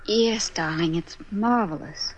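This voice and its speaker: An actress playing a soft-spoken, hesitant young wife in a 1940s radio drama. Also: female voice, medium pitch, animated, moderate pace, lightly acted. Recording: dull old radio recording with faint hiss.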